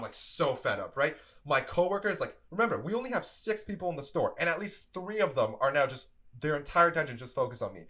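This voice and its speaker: A young man casually telling a story about his old fast-food job, animated and exasperated, with lots of "like". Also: on the high side. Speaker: streamer telling work stories.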